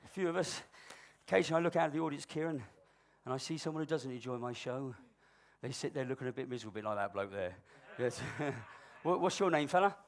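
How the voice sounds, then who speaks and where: An expressive, fast-talking man teases a member of the audience as he makes balloon models in a live stage comedy show. He keeps it cheeky and mock-dramatic, trading loud announcements for low asides and back.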